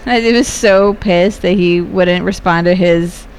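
A woman's voice: lowish voice, measured pace, a little hiss or hum, low-quality recording. Giggly playful woman chatting. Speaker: movie commentary co-host. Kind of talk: casual chat over a movie.

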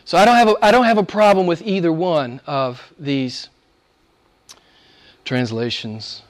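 A man's voice: fairly high pitch, measured pace. A middle-aged man preaching a sermon, rising and falling emphatically as he exhorts his listeners.

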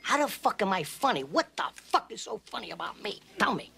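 An actor playing a volatile, menacing gangster who needles and interrogates with heavy swearing in a film scene. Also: male voice, sits high, big pitch swings, fairly quick, vocal fry, sharp tone, husky, full character voice. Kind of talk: film drama clip.

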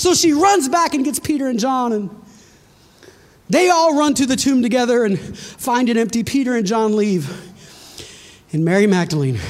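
A woman's voice: on the high side, a little mellow. A woman preaching a sermon to her congregation, retelling a story dramatically with rhetorical questions and direct address.

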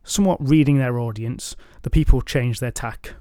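A man's voice: medium pitch, moderate pace, few pauses, warm tone, clear, resonant tone, dry recording, studio quality. A man narrating a folk tale in a wry, dryly humorous scripted style. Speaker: storyteller.

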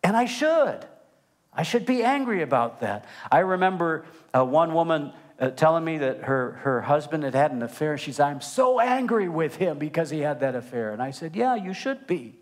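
An older man, a pastor and grandfather of a toddler, preaches a sermon with animated emphasis. His voice is on the high side at a normal speed, swinging from loud emphasis to hushed asides.

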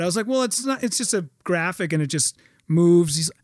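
An excitable man with a high, lively voice spins a story as a podcast guest, jumping between his own voice and quoted lines. His speech swings widely in pitch and he swears freely. The sound is dry and close. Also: fast, no echo. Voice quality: animated, profane storyteller. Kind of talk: casual storytelling.

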